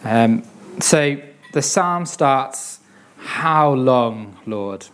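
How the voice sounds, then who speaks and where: A young man giving a sermon on a psalm, reading scripture earnestly and then talking it through with many pauses, fillers and repeated words. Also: medium pitch, lively intonation. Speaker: preacher.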